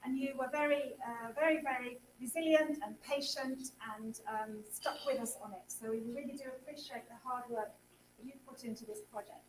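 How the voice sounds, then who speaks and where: A woman's voice: high voice, fairly even intonation, fairly quick. A woman teacher speaking to students and staff at a school event, thanking them and announcing the next speakers. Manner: warm thanks, repeats words, switches briefly to Italian. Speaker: English teacher hosting a school speech event. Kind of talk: speaking to an audience in a school hall. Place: school assembly hall. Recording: echoey hall, from some distance.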